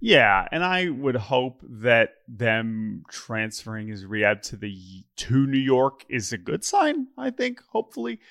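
A man co-hosting a sports talk show in casual conversation. His voice is mid-pitched, and his delivery is wry and halting, full of restarts. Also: very animated, gravelly, a bit bright. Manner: wry, hesitant, many restarts and fillers. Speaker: podcast co-host.

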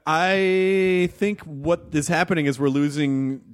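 A man's voice: on the high side, slow pace. A man hosting a podcast, joking and riffing casually with his guests. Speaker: podcast host. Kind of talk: casual chat.

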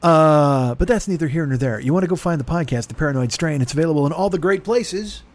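A man's voice: a little high, lively intonation, quick pace. A man hosting a podcast in a rambling, self-mocking comedic monologue, swearing freely and talking in circles. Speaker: podcast host.

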